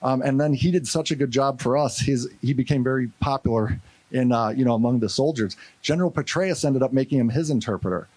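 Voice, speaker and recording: In a dry recording, a man from St. Louis speaks fairly quickly at medium pitch while giving a storytelling keynote at a conference. Animated throughout, he tells the story with energy and acts out quotes.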